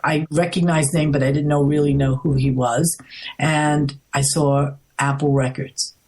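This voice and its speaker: A low-voiced woman with a New York accent tells her story as an interview guest. Her voice is husky and a little breathy. She jumps higher in pitch whenever she acts out what someone said. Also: normal speed. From United States. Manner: chatty, acts out quoted lines with lively pitch jumps.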